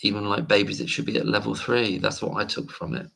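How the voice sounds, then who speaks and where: A man's voice: fairly low pitch, quick pace, creaky, fairly bright tone, slightly rough. A man hosting a late-night livestream, rambling casually and reading viewer comments aloud. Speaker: livestream host.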